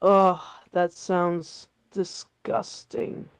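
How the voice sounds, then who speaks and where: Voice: medium pitch, little pitch movement, extremely slow, gravelly, clear, resonant tone, no room sound. A synthetic chatbot voice giving cheerful, tidy replies and playing along with every idea. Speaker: AI chatbot conversation partner. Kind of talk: scripted-sounding chatbot replies.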